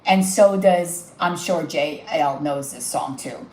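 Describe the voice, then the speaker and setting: A woman's voice: deep voice, slow pace, darkish tone, reverberant, a little hiss or hum, rough recording. A woman giving a live tarot reading, gushing and emotional as she talks straight to the viewer. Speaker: tarot reader.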